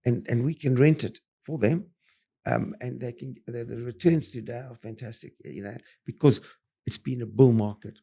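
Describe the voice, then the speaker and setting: A man's voice: medium pitch, vocal fry, husky. An older man with a South African accent, a property developer being interviewed, who tells his stories in short, punchy bursts full of fillers and restarts. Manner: animated, punchy storyteller with many fillers and restarts. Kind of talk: interview storytelling.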